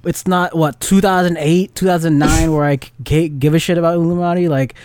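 A man co-hosting a film podcast in casual chat, excited, swearing freely and laughing often. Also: a little high, fairly quick, smooth, no room sound. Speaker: podcast co-host.

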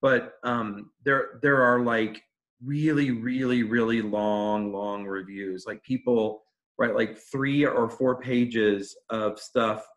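A man's voice: mid-range voice, fairly even intonation, slow. A man co-hosting a casual chat, joking with wry, sarcastic asides.

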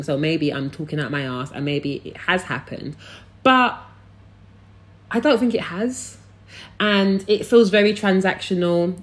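A young woman hosting a podcast, ranting casually and bluntly, swearing freely. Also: lowish voice. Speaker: podcast host. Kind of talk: casual opinion rant.

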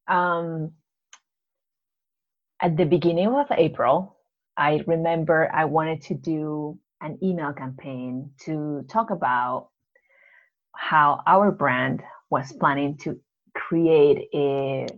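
A woman co-hosting a casual podcast, bubbly and quick to laugh. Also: sits low, fairly even intonation. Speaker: podcast co-host. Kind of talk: casual chat. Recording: lo-fi, dull sound.

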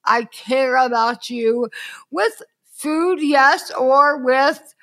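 Bright high-voiced woman, earnest. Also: extremely slow. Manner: earnest, emphatic, acts out quoted speech. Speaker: podcast host. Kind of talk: casual conversation.

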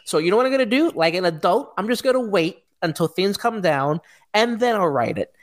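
A woman's voice: medium pitch, lively intonation, brisk. A woman co-hosting a casual podcast, ranting bluntly and swearing freely. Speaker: podcast co-host. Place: Florida.

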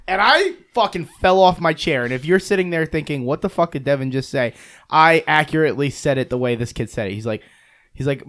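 A man's voice: a little high, expressive, brisk. A young man co-hosting a podcast, telling a rambling, profane story and often talking over the others. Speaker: podcast co-host. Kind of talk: casual chat, storytelling.

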